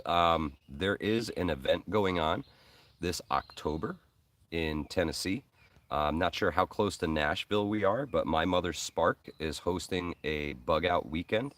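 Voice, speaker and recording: A man with a very low, deep voice hosts a casual live stream, rambling along with plenty of ums and uhs. He talks like he's chatting with friends, answering viewer comments as they come in. He sits a little back from the microphone. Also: a bit bright, far from the mic. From Hudson Valley, New York. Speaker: host of a preparedness live stream.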